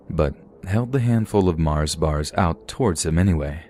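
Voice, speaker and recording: A man reading a first-person horror story as scripted narration, telling it steadily and slowing down at the tense moments. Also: low-pitched, expressive, a little mellow, a little hiss or hum.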